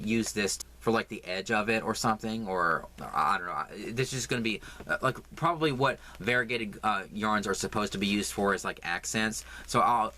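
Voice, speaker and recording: A Southern-accented man talks through his crafting haul in a casual, stumbling way, repeating words and filling pauses with ums. His voice sits on the low side yet sounds bright and forward. A faint hiss runs under the recording. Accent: Southern American. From American South. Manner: halting, lots of fillers and repeats. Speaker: crafting vlogger. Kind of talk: casual yarn haul chat.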